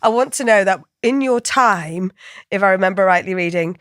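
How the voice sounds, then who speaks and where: A woman's voice: medium pitch, moderate pace, smooth, no echo, clean studio sound. A woman hosting a podcast interview, friendly and laughing often as she asks questions. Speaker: podcast host. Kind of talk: casual interview chat.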